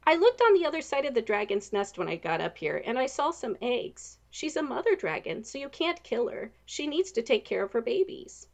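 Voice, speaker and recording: A woman's voice: on the high side, very animated, normal speed, vocal fry, hardly any pauses, voice pushed up. Woman doing a breezy, fearless princess. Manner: casual and breezy. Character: bold, unbothered young princess.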